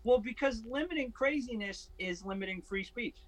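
Man, podcast co-host, high voice, emphatic and scornful, casual chat. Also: animated, normal speed, dry recording, poor audio.

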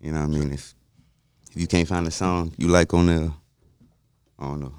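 A man with a very deep, smooth voice talks easily as a podcast guest. He keeps a relaxed, unhurried manner and often asks "you know what I mean." The sound is dry, with no room around it. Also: no echo. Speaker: guest rapper. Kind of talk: casual interview talk.

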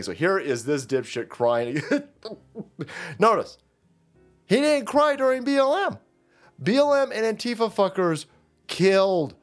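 A man hosting a commentary show, delivering a foul-mouthed, mocking political rant. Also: fairly high pitch.

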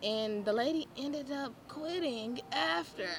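A woman giving a candid, animated personal testimony, often laughing as she talks. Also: high-pitched, slow pace, slight background noise.

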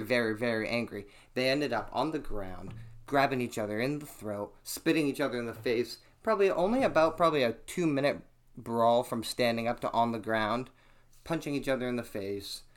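A man's voice: mid-range voice, fairly bright tone. A man hosting his own podcast from a small home room, telling rambling, profane stories full of "like" fillers, with the microphone set on a towel-covered chair. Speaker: podcast host. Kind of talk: casual solo storytelling.

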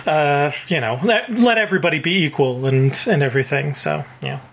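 A man's voice: a little high, a little fast, gravelly, a bit bright. A man co-hosting a casual book podcast, explaining background details with plenty of fillers. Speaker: podcast co-host. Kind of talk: casual book-club chat.

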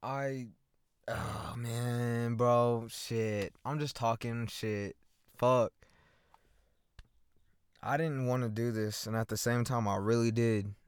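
A man's voice: medium pitch, fairly even intonation, slow pace, pauses often, clear, resonant tone, no room sound. A young man from Oklahoma talking alone into a microphone in his parked car, loose, profane and rambling as host of a solo chat. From Oklahoma, USA. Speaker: podcast host. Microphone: microphone with headphones.

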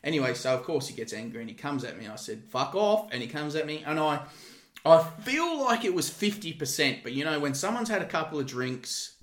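A man's voice: fairly high pitch, expressive, fairly quick, a bit bright. A man in his thirties with an Australian accent telling profane, brash security stories in a casual podcast chat. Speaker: podcast guest, former security guard. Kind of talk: casual storytelling. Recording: echoey room.

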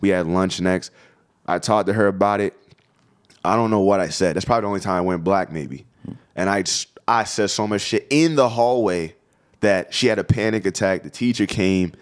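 A young man co-hosting a podcast, telling a high school story in a casual, profane, animated way. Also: moderate pace. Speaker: podcast co-host.

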